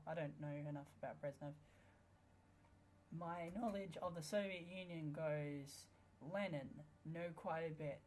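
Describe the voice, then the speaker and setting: A woman talks through a strategy game in casual let's play commentary. Her voice sits low with a gravelly fry. She is sarcastic and playful, and swears freely at the game. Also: darkish tone, a little hiss or hum. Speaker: gamer.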